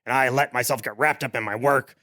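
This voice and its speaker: A man voicing a glum, soft-spoken middle-aged husband who avoids hard talks. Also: medium pitch, fairly even intonation, fast talker, voice pushed down, lightly acted. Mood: sheepish.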